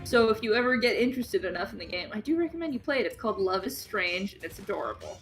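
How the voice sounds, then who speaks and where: A young woman co-hosting a gaming stream, chatting casually and excitedly with frequent giggles while she plays. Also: medium pitch, fast, over music, poor audio. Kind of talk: casual chat while playing a game.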